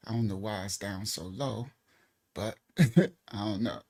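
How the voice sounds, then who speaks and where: Speaking at a measured pace in a lowish, darkish-toned voice, a man leads an informal Bible lesson on a live stream using a desk mic. He's loose and chatty, frequently laughing and saying "all right."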